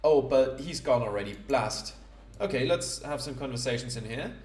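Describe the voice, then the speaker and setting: Halting man narrating a game. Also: medium pitch, a little mellow. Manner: halting, many fillers, self-deprecating. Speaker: let's play host. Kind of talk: casual gameplay commentary. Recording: roomy echo.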